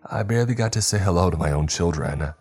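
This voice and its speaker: A man's voice: deep voice, expressive, quick pace, a little mellow, faint music behind. A man voicing a stern cop. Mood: pleading. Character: determined male police detective, a father.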